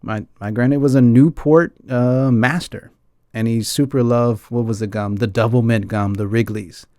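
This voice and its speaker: Host, male, from the States. Warm, relaxed voice, dry close sound, loose reflective chat with lots of asides to the audience. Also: medium pitch, normal speed, no echo. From United States. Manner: earnest and rambling, keeps asking the audience "right?" and "guys". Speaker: film discussion host.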